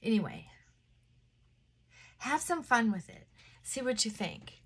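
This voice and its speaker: A woman's voice: fairly high pitch, very animated, slightly rough. Reflective woman chatting through her morning routine. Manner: reflective, self-coaching, shifts between brisk and deliberately slowed speech; drops to a soft, near-whispered voice at times. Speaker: vlogger. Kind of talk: casual morning chat while doing makeup. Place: at home in front of a mirror.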